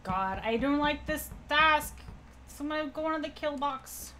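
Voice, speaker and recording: A woman's voice: sits high, lively intonation, moderate pace, pushed and bright. A woman streaming a social deduction game, chatting casually and joking with friends, with some swearing. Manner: playful, joking, swears freely. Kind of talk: casual gaming chat.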